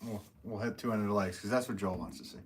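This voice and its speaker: A man's voice: on the low side, steady tone, fast talker, slight background noise, poor audio. A middle-aged man hosting a casual live stream as a potter, chatting with viewers in an easygoing, rambling, jokey way. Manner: easygoing, rambling, jokey with frequent ums and restarts. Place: pottery studio.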